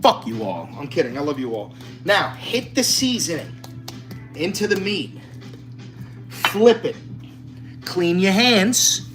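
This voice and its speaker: A man's voice: high-pitched, big pitch swings, slow pace, pauses often, fairly bright tone. A man chatting casually to camera while cooking in his home kitchen, swearing freely and joking in a brash, chatty way. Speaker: home cook vlogger. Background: music.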